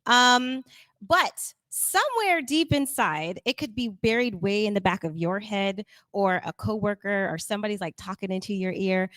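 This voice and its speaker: A woman speaking to a live audience in a chatty, animated way, acting out quoted voices and laughing often. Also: medium pitch, normal speed, dry recording, clean studio sound. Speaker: workshop speaker.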